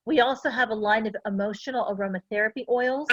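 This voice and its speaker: A middle-aged woman talking to a class in a chatty, earnest way, sharing personal stories. Her voice sits a little high. The sound is close and dry, slightly dull and lo-fi. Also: fast talker, no room sound. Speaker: essential oils presenter. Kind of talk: casual product talk to a class.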